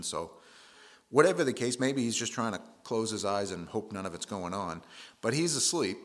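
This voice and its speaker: Low-voiced man preaching with lively inflection. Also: normal speed. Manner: casual, paraphrases scripture in everyday words. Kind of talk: conversational sermon on scripture.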